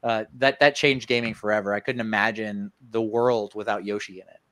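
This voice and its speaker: A man's voice: fairly low pitch, steady tone, a little fast, fairly bright tone, no echo. A man co-hosting a casual podcast, talking about games with lots of ums and uhs. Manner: rambling with many ums and uhs. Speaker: podcast co-host. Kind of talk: casual chat.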